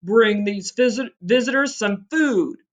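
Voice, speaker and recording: A woman reading a storybook aloud and voicing a huge, hungry one-eyed male cyclops with a deep growl. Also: lively intonation, a little slow. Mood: greedy.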